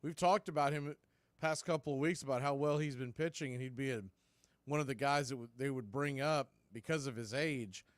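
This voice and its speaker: A man doing radio play-by-play of a baseball game from a studio, calling pitches in a steady, conversational way with background asides. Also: fairly quick, dry recording. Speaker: play-by-play announcer.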